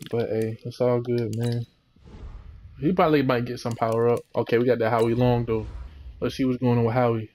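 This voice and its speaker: A young man giving casual, slangy commentary while opening packs in a video game, relaxed but breaking into excited outbursts. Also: mid-range voice, fairly quick, a little hiss or hum. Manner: laid-back slangy chatter, sudden excited outbursts. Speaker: gaming channel host.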